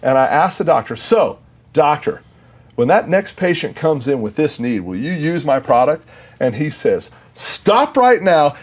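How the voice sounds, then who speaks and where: A man's voice: fairly high pitch, breathy edge. A man who works in sales, a guest on a podcast, telling earnest stories and quoting the people in them. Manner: earnest storyteller, quotes himself and others. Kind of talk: casual interview chat.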